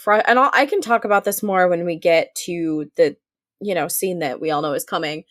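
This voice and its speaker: A woman co-hosting a podcast in casual chat, heavy on fillers and quick agreeing murmurs, swearing now and then. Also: on the low side, a bit bright, dry recording, studio quality. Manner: lots of filler words and affirming murmurs, occasional swearing. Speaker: podcast co-host. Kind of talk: casual chat recapping a TV episode.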